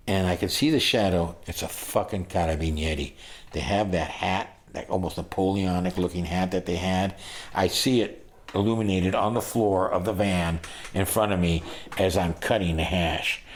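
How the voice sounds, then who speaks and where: A man in his sixties telling stories about his travels in a casual, animated way, acting out the people he met and breaking into loud excitement. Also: lowish voice, measured pace. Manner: animated, acts out voices, bursts of loud excitement. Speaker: storyteller recalling his travels. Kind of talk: casual spoken storytelling.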